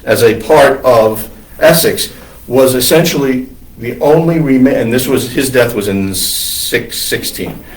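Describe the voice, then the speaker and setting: A priest lecturing on church history in a classroom, wandering into digressions with many ums and uhs. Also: male voice, mid-range voice. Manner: discursive, digressive with many fillers. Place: classroom with students. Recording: roomy classroom from far off.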